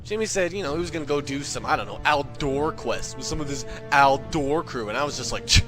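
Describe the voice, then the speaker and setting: A young man telling a comic gaming story as a rant, jumping into loud quoted voices. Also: medium pitch, a little fast, music in the background. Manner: animated, swings into shouted quoted voices. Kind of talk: comedic gamer rant.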